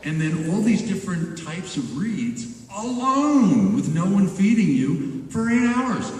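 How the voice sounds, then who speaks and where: A voice actor in his sixties, a guest on a convention panel, tells animated stories about studio work, laughing and acting out exchanges. His voice is high-pitched and a little slow, picked up by a handheld camera far from the stage in a large hall.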